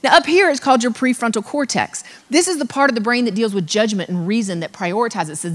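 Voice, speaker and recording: A woman giving a humorous, animated motivational talk as a keynote speaker, acting out voices and joking with the audience. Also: mid-range voice, fast talker. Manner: animated, acts out voices, jokes with the crowd. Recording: long hall reverb.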